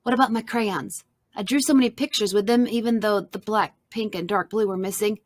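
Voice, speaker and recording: A woman reading a children's storybook aloud, narrating softly and expressively in the first person. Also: medium pitch, steady tone, a little fast, dry recording.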